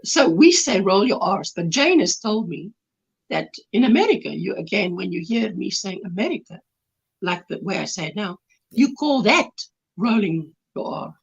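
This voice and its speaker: A woman's voice: medium pitch, big pitch swings, moderate pace, gravelly, breathy edge, highs cut off. A woman with a South African accent, chatting casually as a guest in an interview and laughing as she explains things. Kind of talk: casual video-call interview. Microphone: video call.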